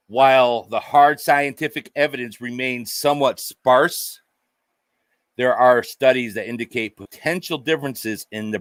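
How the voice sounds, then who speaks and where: A man's voice: medium pitch, a bit bright, no echo, studio quality. A man vlogging a sarcastic, profane monologue, mockingly addressing an unseen "sir" over and over.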